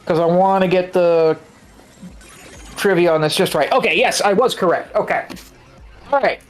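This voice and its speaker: A man's voice: high voice, normal speed, soft background music. A man co-hosting a game stream in casual chat, telling trivia and swearing freely. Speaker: stream co-host.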